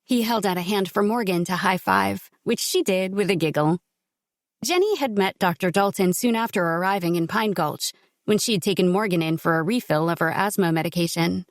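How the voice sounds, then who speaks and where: A woman narrating an audiobook at a steady, measured pace, her voice sitting mid-range. The recording is close and completely dry. She reads the story plainly and evenly. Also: mid-range voice, no room sound. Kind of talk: scripted narration.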